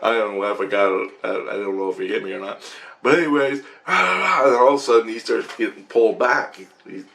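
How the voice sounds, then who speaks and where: A man with a fairly low voice telling a dream story on his vlog. He rambles, restarts and gets excited, peppering it with swearing. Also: brisk, creaky. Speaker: vlogger.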